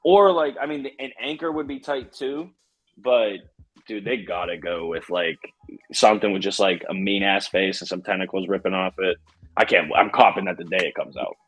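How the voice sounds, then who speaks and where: Animated, husky podcast guy in his 30s. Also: low voice, normal speed. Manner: animated, profane, laughs a lot. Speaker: podcast co-host. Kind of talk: casual chat.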